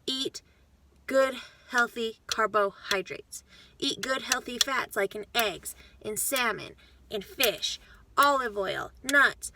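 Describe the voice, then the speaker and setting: A woman's voice: a little high, takes it slowly, very noisy. A woman talking casually to her viewers, blunt and frank, swearing freely and getting fired up as she lectures them. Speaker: vlogger. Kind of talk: casual talk to camera.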